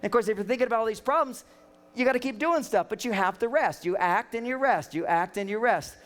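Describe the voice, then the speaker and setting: A man delivers a relationship seminar to a live audience, joking and animated as he tells his stories. His voice sits very high for a man. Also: fast. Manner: joking, animated storytelling with acted quotes. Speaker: relationship speaker and counselor.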